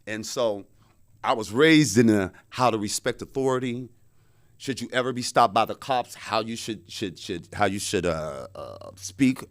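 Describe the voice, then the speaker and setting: A man's voice: mid-range voice, a bit bright. A man giving an earnest, emphatic talk about a personal experience, acting out his own pleading words, recorded in a media studio. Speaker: lecture speaker. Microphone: studio microphone.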